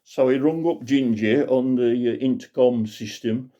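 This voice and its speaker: Man spinning a tall tale, mellow dark voice, dull lo-fi sound. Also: medium pitch, moderate pace. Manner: rambling, chatty, fillers. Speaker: storyteller. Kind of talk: comic folk tale told aloud. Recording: dull lo-fi recording.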